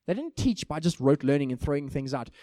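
A man preaching a sermon in an animated way, acting out small everyday scenes to make his points. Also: fairly high pitch, a little fast, dry recording, clean studio sound.

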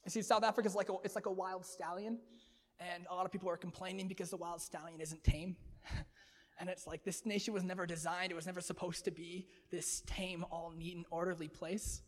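An energetic male preacher with a high voice, talking to the congregation like friends and laughing between points. A long hall reverb hangs on his words. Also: fairly quick. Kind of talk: sermon.

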